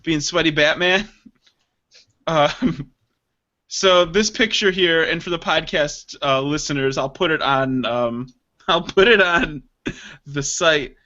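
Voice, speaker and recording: A man's voice: a little high, slow pace, pauses often. A man co-hosting a podcast, casual banter full of laughter and swearing. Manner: loud, laughing, swearing, joking. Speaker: podcast co-host. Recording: dull lo-fi podcast audio.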